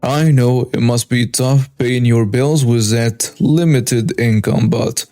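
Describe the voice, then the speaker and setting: A man narrating a story, voicing a young woman speaking in a refined, unnervingly calm tone. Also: mid-range voice, slow, no room sound, clean studio sound, lightly acted.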